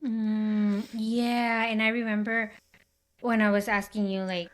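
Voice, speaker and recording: Woman host, mid pitch, chatty and full of fillers. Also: flat delivery, slow pace. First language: Spanish. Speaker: podcast host. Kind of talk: casual interview chat.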